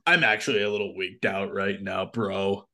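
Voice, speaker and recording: A man's voice: on the low side, fairly even intonation, normal speed, gravelly, sharp tone. A man improvising as a jittery ghost hunter in a tabletop game, with nervous, self-mocking banter. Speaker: player voicing a ghost hunter. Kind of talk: improvised role-play.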